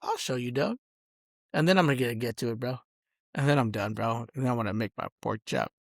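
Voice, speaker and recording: A man's voice: mid-range voice, brisk, dry recording, studio quality. A man in a rambling, angry vlog rant, boastful, smoking a cigar as he talks and saying "bro" and "dog" at every turn. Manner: smoking a cigar while talking. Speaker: vlogger.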